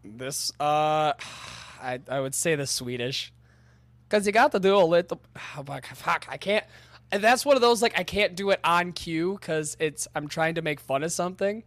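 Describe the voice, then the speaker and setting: A man from Michigan with a fairly high voice chats casually on a podcast. The recording is dry, and he swears often and jokes at his own expense. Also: expressive, unhurried, fairly bright tone, dry recording. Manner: swears, self-deprecating. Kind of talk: casual chat.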